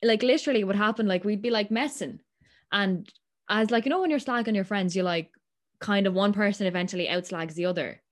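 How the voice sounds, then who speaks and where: A young Irish woman with a medium-pitched voice speaks a little fast in casual chat. As she tells a story, she acts out the quoted exchanges.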